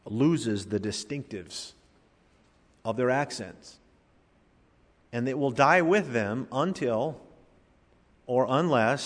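A man preaching a sermon, swinging between loud emphasis and quiet, drawn-out phrases, with rhetorical questions. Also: medium pitch. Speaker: pastor. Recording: hall reverb.

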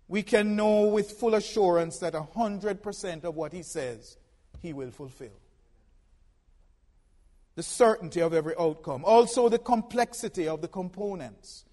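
A man preaching a sermon from the pulpit, folksy and humorous, swinging from soft asides to loud emphatic lines. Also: high-pitched, normal speed, long reverb tail. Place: church pulpit.

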